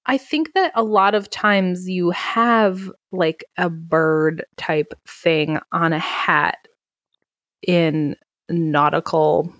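A woman on a podcast walks through a film scene by scene, voicing the characters herself and swearing freely. Her voice sits fairly low, and the recording is dry and close with no room sound. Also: very slow, no echo. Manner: animated retelling, swearing, acting out characters' lines. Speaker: podcast co-host. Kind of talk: casual movie recap chat.

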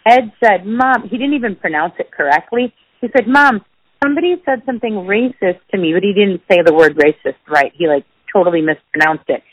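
Animated mother retelling a story, lo-fi. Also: fairly quick, husky, dry recording. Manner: animated, acts out quoted dialogue with big pitch jumps. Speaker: guest. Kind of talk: personal storytelling in a conversation. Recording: dull lo-fi dry sound.

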